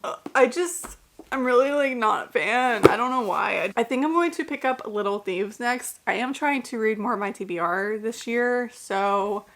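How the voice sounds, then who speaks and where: Chatty, gushing young woman book vlogger. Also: fairly high pitch. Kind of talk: casual reading vlog chat.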